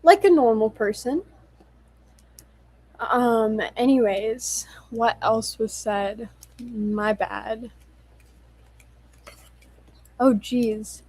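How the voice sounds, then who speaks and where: A woman's voice: fairly high pitch, drawn-out words, long pauses, a little mellow, husky, low-quality recording. A young woman chatting on a livestream, a little tipsy, giggly and apologetic, swearing casually as she reads comments. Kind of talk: casual livestream chat reading viewer comments.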